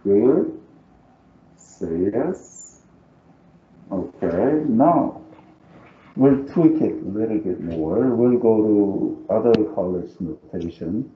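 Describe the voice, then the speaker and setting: A man's voice: fairly low pitch, lively intonation, slow. A man with a non-native English accent teaching a live calculus lecture, thinking aloud as he works and coaxing students to agree with him. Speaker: math teacher. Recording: roomy, dull lo-fi sound.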